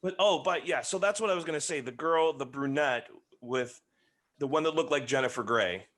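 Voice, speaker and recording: A man in his forties, a podcast guest, joking around in animated casual chat. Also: fairly high pitch, normal speed. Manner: animated, joking, voices other people.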